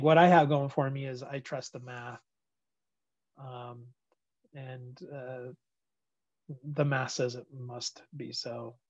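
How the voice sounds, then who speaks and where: A man's voice: mid-range voice, darkish tone, dry recording, dull audio. A man teaching a physics class over a video call, chatty and laid-back, with lots of fillers. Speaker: physics instructor. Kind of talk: casual online lecture.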